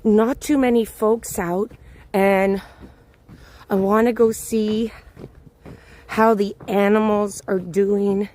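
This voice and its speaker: A woman's voice: medium pitch, little pitch movement, slow pace, long pauses, a little mellow. A woman hosting a live-stream walking tour outdoors, chatting and greeting viewers by name as she films on a handheld phone. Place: outdoors on a snowy city walk.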